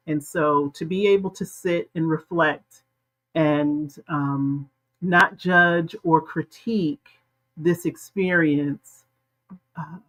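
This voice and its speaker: Slow, bright-voiced woman coach. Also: fairly low pitch, poor audio. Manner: earnest and heartfelt, slow with pauses and fillers. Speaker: life coach and show host. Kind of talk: reflective livestream talk. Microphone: webcam livestream.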